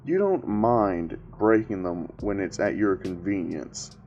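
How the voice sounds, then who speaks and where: A man's voice: lowish voice, lively intonation, slow pace, darkish tone, dull audio, a little hiss or hum. A man voicing a cold, blunt teenage boy with magnetic powers, who talks curtly and swears. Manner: curt and profane.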